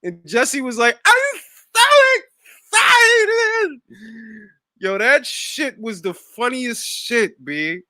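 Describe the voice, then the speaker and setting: A man's voice: extremely high pitch, expressive, takes it slowly, few pauses, sharp tone, no room sound, clean studio sound. A man hosting a boxing talk stream, casual, profane and jumping between topics. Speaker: boxing talk show host. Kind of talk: casual livestream chat.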